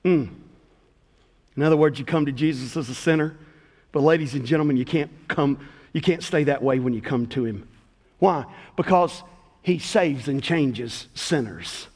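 A middle-aged man preaching as pastor to a congregation in a church, swinging between loud calls and hushed words. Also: fairly high pitch, moderate pace. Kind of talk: sermon. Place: church sanctuary. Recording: long hall reverb.

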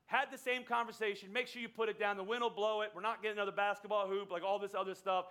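A middle-aged man preaches in a high, bright voice. He tells his story conversationally from the pulpit and slips into the voices of the people he quotes. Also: flat delivery, quick pace, clear, resonant tone. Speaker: pastor. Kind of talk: sermon with personal story.

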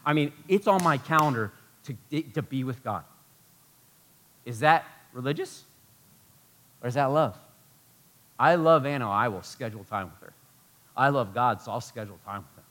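A man preaching a sermon as pastor, animated and emphatic, full of rhetorical questions. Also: a little high.

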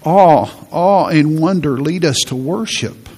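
A middle-aged man preaching a sermon as pastor, earnest, often repeating phrases and slowing down for emphasis. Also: fairly high pitch, darkish tone, slightly rough.

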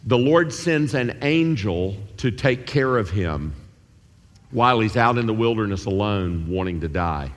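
A man preaching a sermon, animated and acting out the voices of biblical figures. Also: fairly low pitch, a little slow. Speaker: pastor. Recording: long hall reverb.

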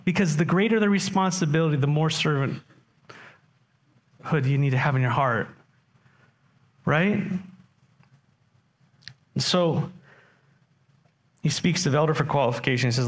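A man's voice: a little high, normal speed, pauses often. A man preaching a sermon as pastor, talking conversationally and putting questions to his congregation.

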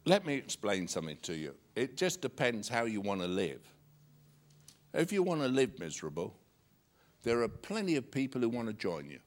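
A man's voice: medium pitch, very animated, normal speed. A male pastor preaching a sermon, reading scripture and joking with a chuckle between verses.

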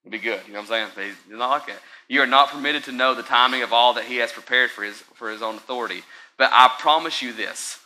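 This is a man of medium pitch preaching a sermon in a chatty style, pausing often to engage the congregation. His delivery swings from soft and slow to loud and excited, captured on poor audio.

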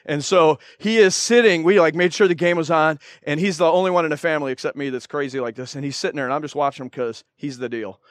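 An animated man delivers a sermon in a voice pitched a bit higher than most men's. The sound is dry and close, with little room echo. He slips into other people's voices as he tells stories. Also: fast talker, few pauses. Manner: lively and animated, acting out voices in anecdotes. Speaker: pastor.

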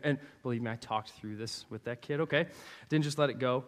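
A man preaching a sermon, telling stories from teaching kids and acting out their replies in a lively way. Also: mid-range voice, a little fast. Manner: animated storyteller, acts out students' replies. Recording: long hall reverb.

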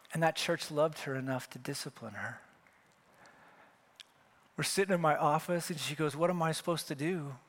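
A man's voice: on the high side, a bit bright. A middle-aged male pastor from Wyoming preaching a sermon, telling a story and acting out the dialogue with rising emphasis.

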